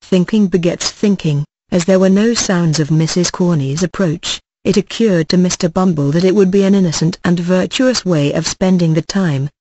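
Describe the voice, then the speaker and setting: An audiobook narrator reading a classic novel in a measured, even storytelling manner. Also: mid-range voice, poor audio.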